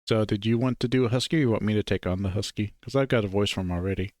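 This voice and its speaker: A man's voice: lowish voice, racing, a little mellow, no room sound, clean studio sound. A man in casual chat, joking and directing a visual novel reading. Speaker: co-host reading a game.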